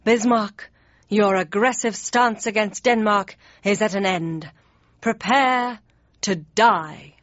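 A woman's voice: mid-range voice, animated, slow, hardly any pauses, fairly bright tone, husky, no room sound, full character voice. Woman declaiming as a vengeful young Danish prince. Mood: dramatic. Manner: grand theatrical declaiming. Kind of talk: audiobook character voice. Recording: dry, slightly dull studio read.

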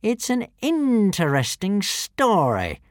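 A man's voice: mid-range voice, big pitch swings, unhurried, no echo, clean studio sound. A man voicing a sneering, hissing villain. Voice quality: sneering, hissing drawl, mangled foreign words. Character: treacherous bald villain, sneering, scheming man. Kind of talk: audiobook character voice.

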